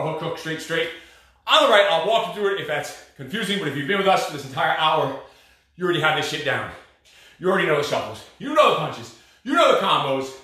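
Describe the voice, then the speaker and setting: Out of breath, a man coaching a cardio boxing class live shouts terse orders and counts in a high, bright, forceful voice. The room is echoey, and he's positioned well away from the microphone.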